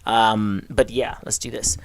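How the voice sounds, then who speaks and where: A man's voice: on the low side, little pitch movement, measured pace, gravelly. A man hosting a casual live stream as a comic artist. He gives feedback in a rambling way, filling his talk with "you know" and "like". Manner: laughs often while reading.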